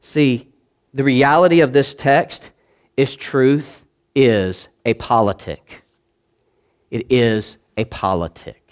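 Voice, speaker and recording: A man preaching a sermon as pastor, swinging between loud declaiming and quiet asides and calling on the congregation to answer back. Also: medium pitch, takes it slowly, clear, resonant tone.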